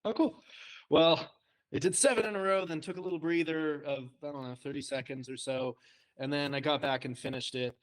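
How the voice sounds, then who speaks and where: A man's voice: fairly high pitch, steady tone, a little fast. A young man chatting casually on a podcast, telling self-deprecating stories and laughing often. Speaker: co-host, trainee.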